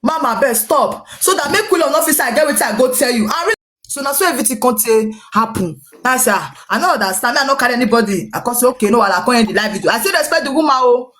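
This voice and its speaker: Fairly high-pitched and quick, a Nigerian Pidgin-accented woman recounts a dispute as gossip, with a little hiss or hum on the recording. She's a social media personality who rambles, repeats herself, and animatedly quotes the other people involved.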